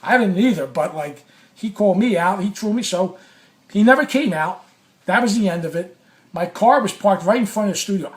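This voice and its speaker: A middle-aged man telling a personal story in an animated, blunt, profane way, full of restarts. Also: sits high. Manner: blunt, profane, restless, acts out quoted lines. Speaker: storyteller recounting a past clash.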